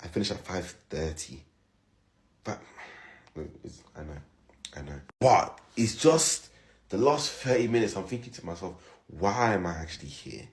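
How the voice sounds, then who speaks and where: A man's voice: sits low, animated, unhurried. A man chatting casually and wearily about being tired at work, rambling with lots of fillers. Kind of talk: casual vlog chat.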